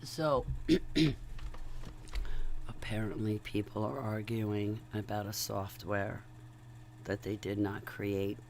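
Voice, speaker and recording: A woman's voice: rumbling low, fairly even intonation, takes it slowly, long pauses, a little mellow, slight background noise. A woman vlogging in a casual, rambling, digressive monologue, chatty and talking to her viewers. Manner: rambling, chatty, digressive, laughs between thoughts.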